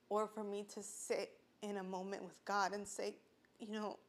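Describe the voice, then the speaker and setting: A woman's voice: mid-range voice, little pitch movement, normal speed. A woman speaking casually and earnestly about her own experience on a podcast, often saying "like" and at times holding back tears. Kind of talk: casual personal testimony.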